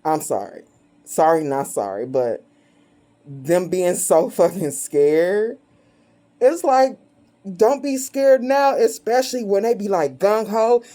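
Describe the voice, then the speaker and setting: Slow, lively-pitched woman, blunt and mocking. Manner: blunt, profane and gleefully mocking; laughs often between phrases. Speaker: tarot reader. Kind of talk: casual tarot reading to camera.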